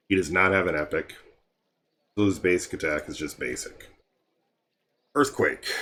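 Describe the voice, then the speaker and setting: A tired, yawning man casually walking through a mobile game's heroes, relaxed and meandering with frequent ums. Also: rumbling low, a little hiss or hum. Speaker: game guide creator. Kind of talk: casual game walkthrough commentary.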